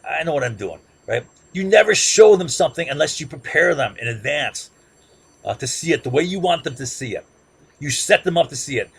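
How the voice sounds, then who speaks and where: With a gravelly, slightly rough, fairly high-pitched voice, a male political commentator delivers a brisk, very animated history lecture. It's impassioned and informal, emphatic yet rambling, with frequent restarts, filler, and a constant "right?".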